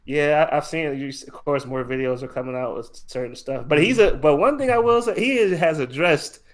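Brief: man, slightly high voice, easygoing co-host, laughs a lot. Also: a little fast. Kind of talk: casual chat about music.

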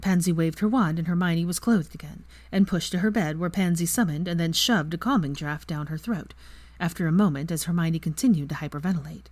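A woman narrating fan fiction with an expressive reading. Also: lowish voice, brisk, no room sound. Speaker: fanfiction reader. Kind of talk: storybook narration.

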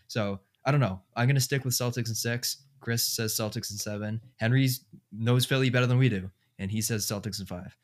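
A man's voice: medium pitch, a little fast, few pauses. A man hosting a casual sports podcast, thinking aloud with lots of fillers. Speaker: podcast host.

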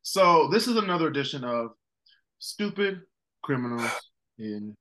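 A man's voice: a little high, unhurried, rough recording. A man with a Detroit accent hosting a casual podcast, telling stories with lots of animation and frequent laughter. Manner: animated storytelling, laughs often. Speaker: podcast host.

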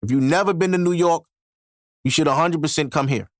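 A man's voice: a little high, a little fast, dry recording. Profane, slangy male podcast host, dry sound. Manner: loose, profane street slang with frequent laughs. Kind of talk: casual solo podcast rant. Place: home podcast setup in New York.

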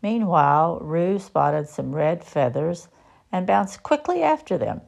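A woman reading a children's picture book aloud with expressive delivery. She reads slowly, with a lively rise and fall and a creaky edge. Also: lowish voice. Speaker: storybook reader.

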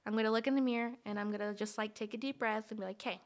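A woman's voice: fairly high pitch, steady tone, racing. A young woman chatting casually as a podcast guest, bubbly and giggly, acting out little quoted scenes.

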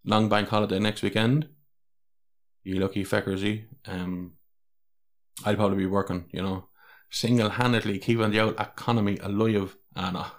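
A man's voice: on the low side, flat delivery, moderate pace. An Irish man hosting a solo podcast, talking candidly and rambling, with frequent swearing. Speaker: podcast host.

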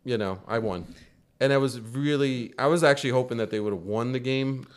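Relaxed male podcast host. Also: medium pitch, fairly quick, clear, resonant tone. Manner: relaxed, explanatory. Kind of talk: casual sports chat.

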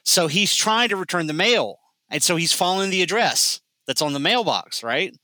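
A man's voice: sits high, expressive, normal speed, sharp tone, no echo, low-quality recording. A man co-hosting a casual movie podcast, explaining plot points emphatically in an easygoing way. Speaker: podcast co-host. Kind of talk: casual movie review chat.

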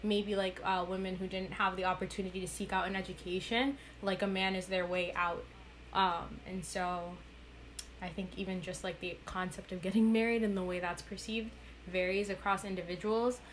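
A young woman talks in a relaxed, reflective way, leaning often on "like" as she works through her thoughts. Her voice sits in a middle register. There is a faint hiss behind her. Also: mid-range voice, normal speed. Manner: reflective, earnest, many "like" fillers. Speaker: podcast guest, women's rights activist. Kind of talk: casual conversational interview.

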